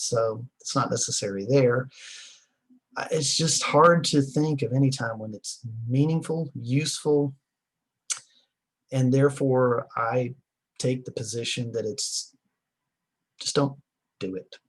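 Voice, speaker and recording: A man's voice: medium pitch, measured pace, slightly rough. A man lecturing a class in a conversational way, with fillers and short emphatic repeats.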